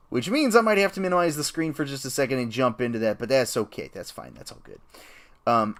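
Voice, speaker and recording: Male streamer, casual rambling game commentary, lively up-and-down delivery, keyboard typing behind. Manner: rambling and chatty, with excited jumps in pitch.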